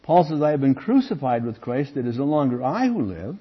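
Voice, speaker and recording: Guy teaching scripture, lively up and down delivery, dull muffled recording. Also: mid-range voice, fairly quick, slightly rough. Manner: expressive, emphatic, asks rhetorical questions. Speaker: Bible teacher. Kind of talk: Bible teaching.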